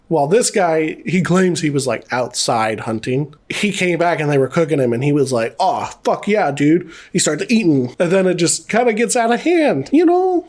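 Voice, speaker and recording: A man's voice: on the high side, a little mellow. A man recapping a horror film in a casual, rambling way, swearing often and cracking jokes as he goes. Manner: rambling, profane, jokey storytelling. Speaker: movie reviewer.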